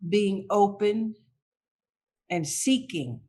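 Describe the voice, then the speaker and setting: Brief: woman interview guest, candid and animated storytelling, mid-pitch voice. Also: extremely slow. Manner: animated, reenacts her own past thoughts.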